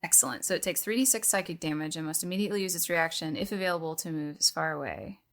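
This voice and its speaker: A woman's voice: sits low, fast talker. A woman playing a tabletop role-playing game, chatting casually and reading out rules. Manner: chatty, reads rules aloud. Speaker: player.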